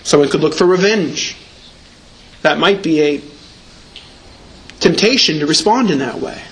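A man's voice: on the high side, a little slow. A man preaching a sermon as pastor, earnest and emphatic, leaning on repeated words.

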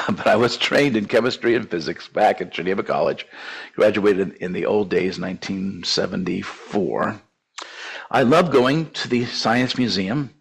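A man's voice: on the low side, vocal fry, breathy edge, rough recording. An older man in his seventies giving a conversational sermon-style teaching, with asides and restarts. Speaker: preacher.

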